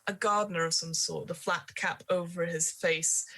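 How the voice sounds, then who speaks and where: A woman's voice: on the low side, fairly even intonation, moderate pace, sharp tone. Woman narrating as game master. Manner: descriptive, hesitant with fillers. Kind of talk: narrating a tabletop horror game.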